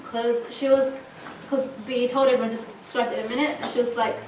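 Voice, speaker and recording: A woman's voice: fairly high pitch, flat delivery, quick pace. A young woman campaigner giving a chatty panel talk, full of "like" and acted-out quoted dialogue. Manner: chatty, filler-heavy, acts out quoted dialogue. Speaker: student campaigner. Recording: distant, echoey, dull and noisy room recording.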